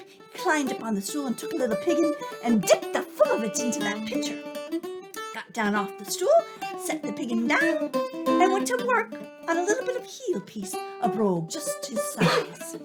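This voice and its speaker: Animated woman telling folktales. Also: sits high. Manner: animated, playful, drawn-out storytelling delivery. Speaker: storyteller and co-host. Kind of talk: folktale storytelling with banter. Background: guitar music.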